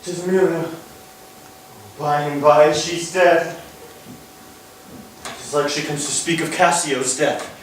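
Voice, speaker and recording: A tormented, jealous general, voiced by a man in stage Shakespeare, pitched high and speaking slowly with drawn-out stresses. It is caught from a distance in a very reverberant theatre, with faint ambient noise underneath. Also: steady tone. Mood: brooding. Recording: roomy hall, distant mic, faint noise.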